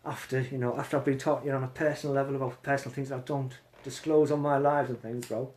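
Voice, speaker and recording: A man's voice: medium pitch, level tone, quick pace, darkish tone. A man hosting a casual live stream from his phone, talking bluntly and swearing as he calls someone out.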